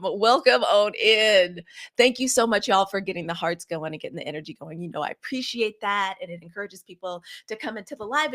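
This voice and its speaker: A woman in her fifties from Mississippi, hosting a live stream in a casual, effusive way and greeting viewers often. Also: mid-range voice. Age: 50s. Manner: warm, effusive greetings to viewers, lots of "y'all". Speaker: livestream host. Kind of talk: casual livestream chat. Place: home setup.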